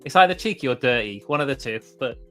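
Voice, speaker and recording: A cheeky man chats casually as co-host, animated and quick to giggle. Faint music sits low behind his voice. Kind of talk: casual chat.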